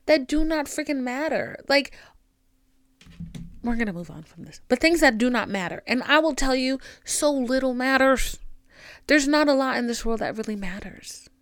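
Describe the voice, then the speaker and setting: A young woman podcast host with a Southern country accent speaks in a high, expressive, smooth voice at normal speed. She delivers a casual advice monologue straight to the listener, sassy and emphatic, with no echo.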